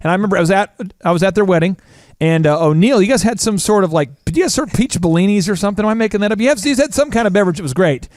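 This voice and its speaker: A man's voice: sits high, lively intonation, darkish tone, dry recording, studio quality. A man co-hosting a business podcast, telling stories in a joking, playful way and acting out the people in them. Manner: fast, playful storytelling with quoted voices. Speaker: podcast co-host.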